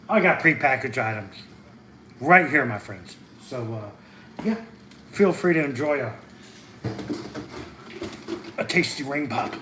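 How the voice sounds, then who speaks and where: Give me an excitable man rambling on a casual livestream, with a noisy background. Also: on the high side. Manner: excitable, chatty, jumps between topics. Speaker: channel host reading live chat.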